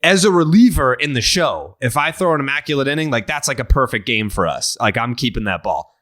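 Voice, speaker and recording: A man's voice: mid-range voice, lively intonation, fairly quick, a bit bright. A man hosting a podcast, ranting profanely and with heat in casual chat. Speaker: podcast host.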